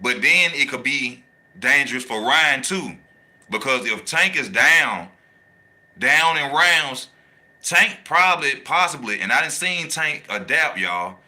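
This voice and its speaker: Boxing channel host, man, very bright tense voice, animated slangy delivery that hammers each point home. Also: mid-range voice, measured pace. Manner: animated, slangy, repeats his points for emphasis. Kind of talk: casual boxing talk, reading live chat.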